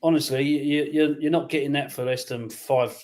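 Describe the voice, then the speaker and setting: A man's voice: mid-range voice, steady tone, brisk, darkish tone. A man co-hosting a live koi auction, blunt and plain-spoken, calling bids and talking up the fish. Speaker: auction co-host. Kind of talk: casual live auction talk.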